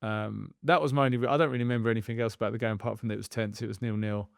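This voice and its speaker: Gravelly candid man chatting. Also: fairly low pitch, fairly even intonation, very fast, no echo, studio quality. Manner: candid, self-deprecating, swears casually. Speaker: podcast co-host and youth football coach. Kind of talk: casual podcast chat.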